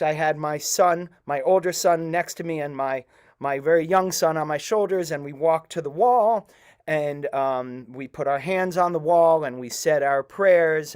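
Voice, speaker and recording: Earnest halting male storyteller. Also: a little high. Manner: earnest, halting, with many pauses. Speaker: storyteller at a community event. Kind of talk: personal storytelling to a live audience.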